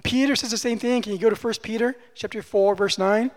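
A man's voice: high voice, steady tone, a little fast. A man preaching a conversational sermon as pastor, emphatic and repeating phrases for stress. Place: church. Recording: long church-hall reverb.

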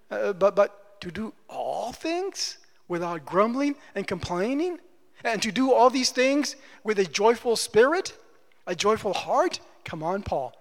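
High-voiced preacher in a reverberant hall. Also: male voice. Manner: emphatic, repeats phrases for stress. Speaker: pastor. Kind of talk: conversational sermon. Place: church. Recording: long church-hall reverb.

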